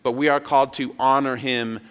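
A man's voice: mid-range voice, flat delivery, brisk, a bit bright, clear, resonant tone. A man preaching a sermon as pastor to a live congregation, impassioned and emphatic, repeating words as he builds. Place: church sanctuary, live congregation. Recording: echoey church hall.

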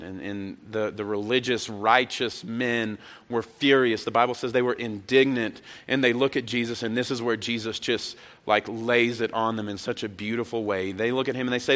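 A man's voice: mid-range voice, steady tone, moderate pace, few pauses, a bit bright. A man preaching a sermon as pastor to a live congregation, impassioned and emphatic, repeating words as he builds. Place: church sanctuary, live congregation. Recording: echoey church hall.

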